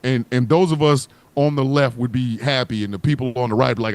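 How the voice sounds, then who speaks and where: A man hosting a casual livestream chat, talking in an animated, profane way and riffing with comic voices. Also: medium pitch, a little fast, few pauses. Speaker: host.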